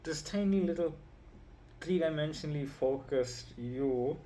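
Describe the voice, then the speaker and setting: A man's voice: fairly high pitch, a little slow, dark tone, slight background noise. A man teaching as an empowerment coach in an informal, rambling way. He repeats himself, keeps checking in with "right?" and "you see", and chuckles now and then while he draws with a pen.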